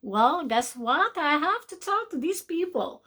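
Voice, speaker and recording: A woman speaks to her viewers in a slow, drawn-out way. Her voice sits a little high, and she slips into mocking voices of the people who tell others to be quiet. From from outside North America. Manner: animated, mocking voices of naysayers, calls listener darling. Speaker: spiritual show host. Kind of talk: motivational talk to camera.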